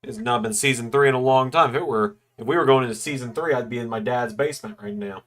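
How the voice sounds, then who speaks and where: A young man talks casually on a livestream from his own apartment. His pitch is middling and his delivery loose and chatty. He yawns now and then as he works. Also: fast talker. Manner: relaxed, chatty, yawning while working. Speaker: streamer hosting a watch-along.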